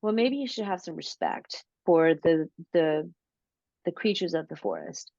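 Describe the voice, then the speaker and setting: Slow, low-voiced woman telling a story. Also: vocal fry, a little mellow, no echo. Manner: slow, drawn-out storytelling with many fillers. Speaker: interview guest, paranormal researcher. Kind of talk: casual storytelling. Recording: dull lo-fi audio.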